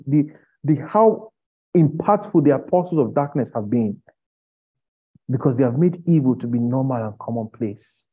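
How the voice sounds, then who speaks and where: A man preaching an impassioned sermon, firing rhetorical questions at his listeners and rising to loud pleading. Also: medium pitch, slightly rough. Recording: dull lo-fi recording.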